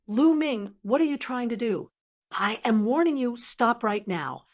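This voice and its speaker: A woman voicing a frightened young male sect bully who shouts shrill, panicked warnings. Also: animated, measured pace.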